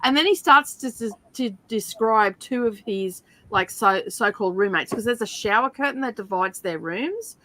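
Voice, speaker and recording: Her voice a little high, this middle-aged Australian woman runs a reading stream at a moderate pace with few pauses. She tells animated stories in casual chat and keeps breaking into laughter.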